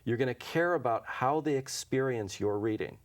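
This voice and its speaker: A medium-pitched man talking at normal speed is interviewed as an intuition teacher in a local TV studio. He tells casual, anecdotal stories, performs the dialogue and chuckles frequently.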